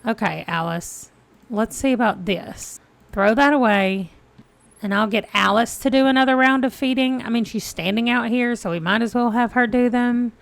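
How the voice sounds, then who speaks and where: A woman's voice: fairly high pitch, normal speed, creaky, no echo. Chatty woman narrating a game. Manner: chatty, animated, talks to the game characters. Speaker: gaming let's-play host. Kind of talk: casual gameplay commentary.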